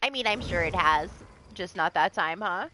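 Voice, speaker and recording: A woman's voice: on the low side, animated, normal speed, pushed and bright, a little hiss or hum, rough recording. A woman livestreaming a video game, chatting casually, exasperated and often laughing and swearing. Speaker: streamer. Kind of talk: casual live game streaming.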